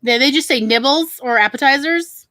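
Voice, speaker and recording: A woman's voice: high voice, moderate pace, sharp tone, dry recording. A woman co-hosting a podcast, chatting casually and rambling with lots of fillers. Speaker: podcast co-host. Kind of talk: casual chat.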